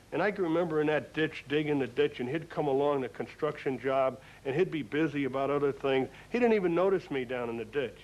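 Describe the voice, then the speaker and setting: A man's voice: on the high side, a little mellow. An older man who runs a store, speaking earnestly in a folksy, storytelling way about managing people. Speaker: store owner. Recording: dull lo-fi film audio.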